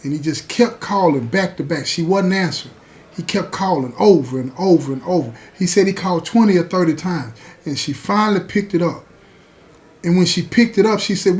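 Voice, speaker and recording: A man's voice: sits high, fairly quick, a little mellow. A man hosting a podcast, telling a story in a folksy, conversational way. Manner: folksy, repeats "you know what I'm saying". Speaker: podcast host.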